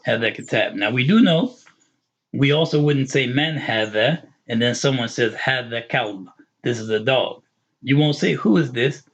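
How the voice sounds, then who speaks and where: A man explains Arabic grammar in an online lesson, going over each term more than once. His voice is husky and mid-pitched. The recording sounds dull and lo-fi. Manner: patient, repetitive explaining with quick English glosses. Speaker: Arabic teacher.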